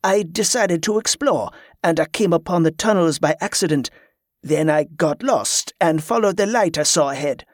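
A man's voice: fairly high pitch, normal speed, no echo, clean studio sound, natural voice. A man voicing Beneto, a surly male spy who answers in a curt, defensive way. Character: surly male spy, defiant then fearful.

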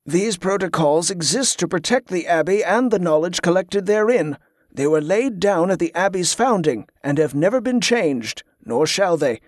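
A man voicing a formal, stately male monk who guards an abbey gate, speaking in a measured, ceremonious way. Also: high voice, animated, dry recording, studio quality.

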